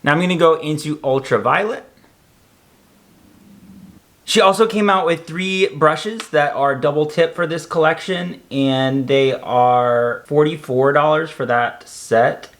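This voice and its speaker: A man's voice: a little high, unhurried, fairly bright tone. A young man casually reviewing makeup in a chatty, campy vlog with joking asides.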